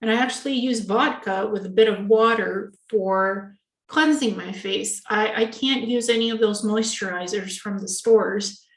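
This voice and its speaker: A woman's voice: mid-range voice, measured pace. A woman chatting casually in an interview, telling family anecdotes and acting out quoted dialogue. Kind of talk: casual video-call interview. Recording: echoey room.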